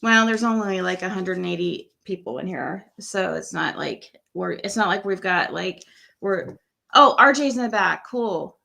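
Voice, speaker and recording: Woman in her 60s, bright voice, laid-back late night stream chat, laughs a lot. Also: on the low side, moderate pace, vocal fry. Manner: laughs often, relaxed and chatty. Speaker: livestream host.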